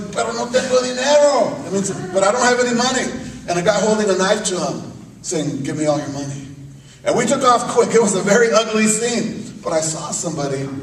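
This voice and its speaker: High-voiced preaching pastor in echoey chapel. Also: male voice, slight background noise. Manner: preaching with call-and-response, swinging from loud to hushed. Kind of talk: sermon. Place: church chapel. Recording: echoey room picked up from a distance.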